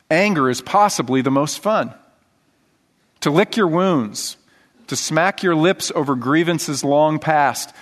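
Guy pastor preaching, lively storytelling, keeps asking okay?, voice rings out in a big church hall. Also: fairly high pitch. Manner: animated storytelling, asks the congregation "okay?". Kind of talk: sermon. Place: church sanctuary.

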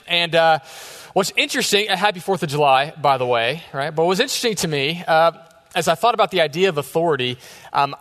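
A man's voice: on the high side, fairly bright tone. A man in his thirties, a youth pastor preaching a sermon in a casual, joking storytelling way. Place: church sanctuary. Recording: echoey church hall.

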